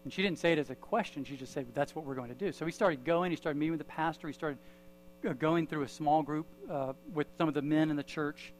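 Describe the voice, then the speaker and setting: Male pastor, sermon storytelling, fairly high pitch, faint mains hum. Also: fairly even intonation, poor audio. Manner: storytelling with pauses, then prayer. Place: church.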